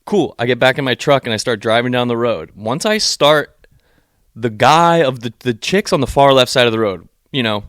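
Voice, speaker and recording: The recording is dry and studio quality, and the young male co-host speaks at medium pitch and a normal speed. He's telling a long story in a casual podcast chat, swearing a lot and acting out the quotes with animation.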